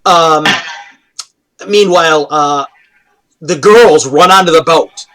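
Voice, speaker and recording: A game master narrating a tabletop game, loose and animated, laughing often. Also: mid-range voice, slow, background noise.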